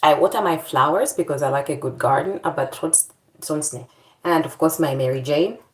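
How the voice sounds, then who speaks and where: A woman's voice: low voice, normal speed, roomy sound. A woman vlogger in casual chat, complaining in a playful, dramatic way.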